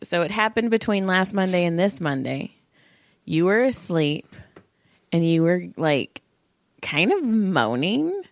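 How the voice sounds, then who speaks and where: A woman's voice: lowish voice, a little slow, no room sound. Profane, chatty middle-aged woman on a dry mic. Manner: profane, animated storytelling with put-on quoted voices. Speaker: podcast co-host. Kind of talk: casual chat.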